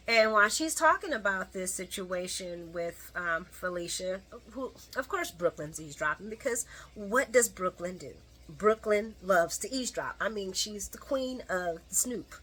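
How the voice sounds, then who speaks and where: A middle-aged woman talks through a daytime soap recap in a loose, chatty way, full of "um"s and side comments to her viewers. Her voice is bright and forward but breathy at the edges. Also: mid-range voice, expressive, moderate pace. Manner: chatty and opinionated, with frequent fillers and asides to viewers. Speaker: soap opera recap host. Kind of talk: casual solo recap commentary.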